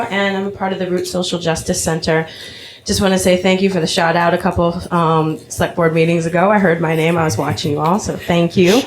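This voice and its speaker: Impassioned woman speaking in a roomy hall. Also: mid-range voice. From Vermont, USA. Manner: earnest, impassioned, emotional. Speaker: public commenter. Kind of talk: public comment at town meeting. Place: town meeting hall.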